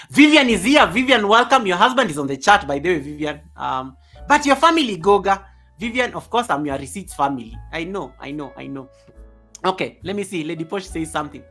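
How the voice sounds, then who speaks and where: A man hosting a casual live stream at home, reading viewer comments aloud in an animated way, often chuckling, speaking into a desk microphone. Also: sits high, moderate pace, faint music behind. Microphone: USB desk microphone.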